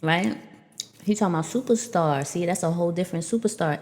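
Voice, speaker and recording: A woman's voice: on the low side, fast talker, a little mellow, in a large hall. A woman giving a casual spiritual oracle reading to her viewers, rambling and chatty and addressing them as y'all. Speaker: spiritual reader.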